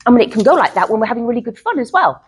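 A woman's voice: on the high side, big pitch swings, very fast, breathy edge, poor audio. A middle-aged woman, a therapist, teaching a live workshop to a group in a chatty way, often checking in with "okay?".

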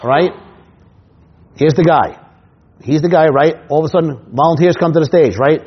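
A husky-voiced man with a New York accent gives a punchy instructional talk on running a hypnosis show. He keeps checking in with "right?" and acts out little scenes. The sound is a bit dull and lo-fi. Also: on the high side, normal speed. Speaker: stage hypnotist teaching other performers.

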